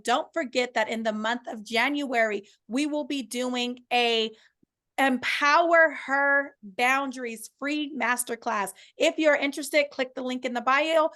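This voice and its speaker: Her voice sits high and comes across pushed and bright as she interviews a guest on her faith-based podcast. The host offers encouragement and ends the episode with affirmations.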